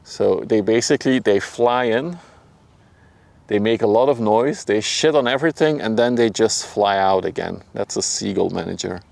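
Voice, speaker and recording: Gravelly, low-voiced Dutch man streaming outdoors. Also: moderate pace, no echo. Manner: relaxed, chatty, laughs often, talks to chat by name; speaks softly at times to avoid disturbing people nearby. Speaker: livestream host. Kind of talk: casual live-stream chat. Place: outdoors by a river at sunset.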